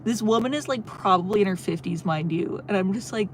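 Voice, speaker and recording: A young woman streams from her car on a road trip, chatting casually with her viewers at a middling pitch. She tells a rambling story and laughs often. A faint hum of noise sits under her voice. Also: a little fast, hardly any pauses. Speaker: livestreamer reading chat. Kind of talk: casual chat.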